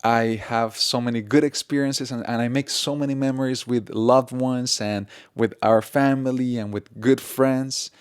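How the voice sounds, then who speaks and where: A man's voice: medium pitch, fairly even intonation, moderate pace, few pauses, clear, resonant tone, dry recording, clean studio sound. A man co-hosting a casual podcast conversation, earnest, laughing easily and repeating his points. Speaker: podcast co-host.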